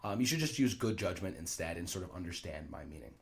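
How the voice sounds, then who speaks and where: Lively low-voiced man explaining a play. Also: quick pace. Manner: animated, thinking aloud with fillers and asides. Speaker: teacher explaining Shakespeare. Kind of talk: casual explanatory lesson.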